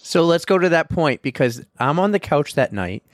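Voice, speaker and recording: A man's voice: on the high side, very animated, normal speed, no echo, studio quality. A man hosting a podcast, chatting casually and leading his guest with questions. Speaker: podcast host. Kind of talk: casual chat.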